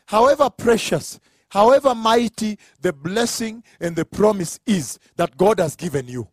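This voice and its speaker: High, husky man preaching emphatically. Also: no room sound. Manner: emphatic, rhetorical questions, acts out dialogue with pitch swings. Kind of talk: sermon.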